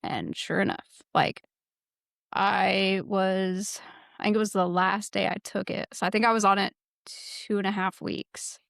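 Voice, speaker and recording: Young woman co-host, casual candid chat, some vocal fry, dry close sound. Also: medium pitch, fairly even intonation, a little slow, fairly bright tone, dry recording. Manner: candid, rambling, heavy on fillers. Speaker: podcast co-host.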